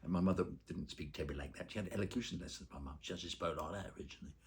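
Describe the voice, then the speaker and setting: A man's voice: low voice, rapid-fire. A man, an actor and voice-over artist, telling stories in a casual interview, rambling with many fillers and acting out the people he quotes.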